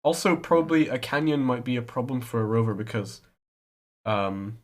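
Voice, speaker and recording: A man's voice: medium pitch, expressive, normal speed. A man chatting casually on a podcast, playful and rambling, teasing his co-host. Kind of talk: casual chat.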